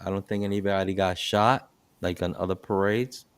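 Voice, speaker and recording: A middle-aged man with a deep, low-pitched voice hosts a casual podcast about his work as a bus operator. He tells road stories in an animated way, stumbling and restarting his sentences as he goes. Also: normal speed, smooth. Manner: animated storytelling with frequent restarts.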